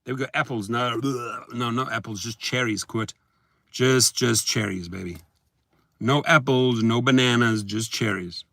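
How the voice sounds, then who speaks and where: Male vlogger, gravelly, chanting and rambling, hushed to whooping, dry close sound. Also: mid-range voice, measured pace, no room sound. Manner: sing-song chanting, swings from hushed murmurs to excited whoops. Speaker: rideshare driver vlogger. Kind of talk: excited rambling monologue to viewers.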